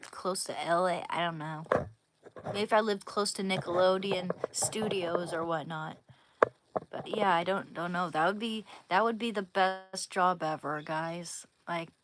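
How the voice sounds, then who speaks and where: A young woman chatting casually on a livestream at home, giggling and trailing off into soft whispers as she talks to viewers. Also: fairly low pitch, very noisy. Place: home room, indoors.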